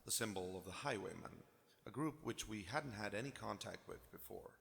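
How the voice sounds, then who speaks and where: A man's voice: on the low side, a little fast, vocal fry, long reverb tail, background noise. A man reading out story narration between scenes of his roleplay.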